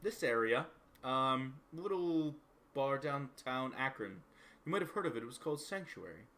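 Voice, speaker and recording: A man voicing a poised former bar owner, a woman with a guarded, wry, quietly predatory manner in a tabletop role-play. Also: medium pitch, animated, moderate pace. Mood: cool.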